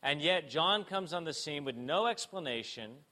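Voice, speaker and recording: A man preaching a sermon, asking rhetorical questions and moving between emphatic and hushed delivery. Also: on the high side, animated, normal speed. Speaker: pastor.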